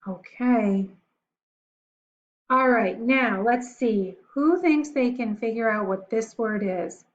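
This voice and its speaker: A woman teacher giving a recorded spelling lesson to young children, slowly spelling words out letter by letter and encouraging them. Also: a little high, highs cut off.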